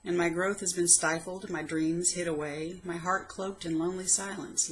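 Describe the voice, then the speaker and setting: A woman reading her own poems aloud, soft, slow and reflective, with plain spoken asides between them. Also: lowish voice, a little hiss or hum, low-quality recording. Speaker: poetry reader.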